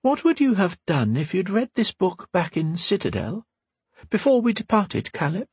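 A man voicing a wise, commanding older woman scholar with measured, lofty pronouncements. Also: sits high, huge pitch swings, a little mellow, slightly rough, dry recording, voice pushed up, heavily acted. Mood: stern.

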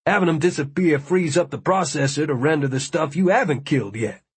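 A man's voice: a little high, brisk, husky. A man reading easygoing gamer Tyler. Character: young man, easygoing gamer who explains.

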